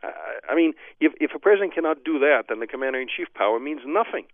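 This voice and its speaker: A man's voice: a little high, expressive, fast, dry recording. A man speaking as a legal expert guest in a phone-in interview, arguing emphatically and dismissively, with frequent restarts. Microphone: telephone. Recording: tinny phone line.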